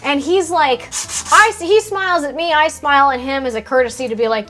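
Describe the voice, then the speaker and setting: Speaking a little fast in a high-pitched voice over soft background music, a young woman vlogs from a hallway inside her home about renovation work. She's casual, sassy, and profane, bringing her stories to life with voiced quotes.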